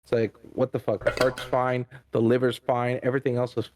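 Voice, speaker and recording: Jokey man with deadpan asides. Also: mid-range voice, fairly quick, slight background noise. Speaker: stream co-host. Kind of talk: casual reaction-stream chat.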